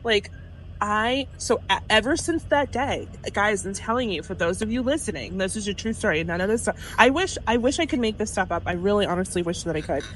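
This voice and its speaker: A woman in her forties, co-hosting a podcast, telling a story in an animated way and acting out what people said. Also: mid-range voice, brisk, slight background noise, poor audio. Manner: animated, laughing, acts out quotes. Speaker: podcast co-host. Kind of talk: casual storytelling chat.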